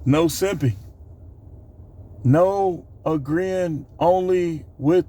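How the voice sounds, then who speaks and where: Speaking slowly in a dark-toned voice that sits on the high side, this man hosts his own channel. He records himself on camera for a casual vlog, counting down a numbered list in a loose, meandering way full of fillers and side comments.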